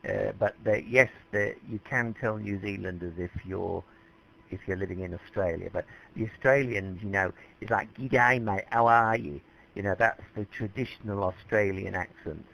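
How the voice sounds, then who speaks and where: Gravelly man teaching a class. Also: low voice, moderate pace, low-quality recording. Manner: relaxed, chatty explanations. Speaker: English teacher.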